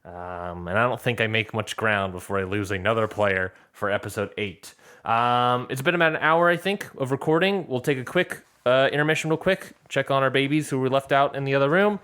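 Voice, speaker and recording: A man's voice: medium pitch, a little fast, a bit bright, clear, resonant tone. Playful, teasing male podcast co-host. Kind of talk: casual chat.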